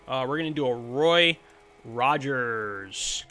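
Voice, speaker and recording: Guy chatting over a bartending game, slow and bright, lots of um and you know, music faint behind. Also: medium pitch. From United States. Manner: rambling, relaxed, lots of fillers. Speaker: gaming channel host. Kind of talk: casual gameplay commentary.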